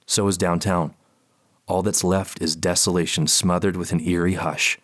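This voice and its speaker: A man's voice: sits low, level tone, moderate pace, fairly bright tone. A man narrating a first-person audiobook in a tense, panicked inner voice.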